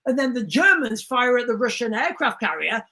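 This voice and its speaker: A man hosting a live stream, rambling and animated as he talks to his viewers. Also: very high-pitched, moderate pace. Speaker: livestream host.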